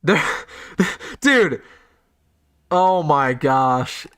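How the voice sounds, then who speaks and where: A young man hosting a live sports stream, rattling off bowl game picks in casual, excitable talk and often repeating himself for emphasis. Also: on the high side, drawn-out words, clean tone. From United States. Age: young adult. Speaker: sports channel host.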